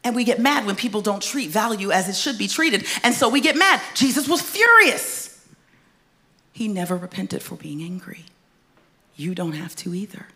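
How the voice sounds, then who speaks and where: Woman preacher swinging loud to whispered. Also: fairly low pitch, gravelly. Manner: swings from loud emphatic bursts to hushed whispers; conversational, folksy asides to the congregation. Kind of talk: sermon. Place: church stage before a congregation.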